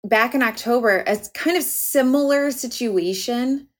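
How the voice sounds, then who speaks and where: A woman hosting a podcast, reading a passage aloud in a measured, earnest way and then telling a family story with lively energy. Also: fairly high pitch. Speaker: podcast host.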